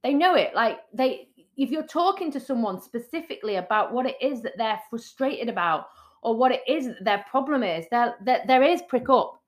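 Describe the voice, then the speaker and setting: A woman's voice: fairly high pitch, animated, moderate pace. A woman co-hosting a business podcast in casual chat, earnest and encouraging, repeating points for emphasis. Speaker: podcast co-host, business coach.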